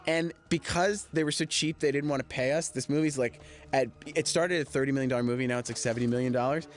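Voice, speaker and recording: A man's voice: mid-range voice, fairly even intonation, racing. A young man, a film director, rambling candidly through a DVD commentary with frequent swearing.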